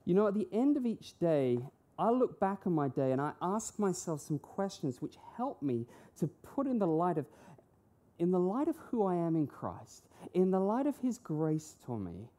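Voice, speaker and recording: A woman delivers a sermon in a warm, mellow, fairly low voice. Her pitch rises and falls with animated emphasis as she fires off rhetorical questions and acts out short quotes. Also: moderate pace. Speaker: preacher.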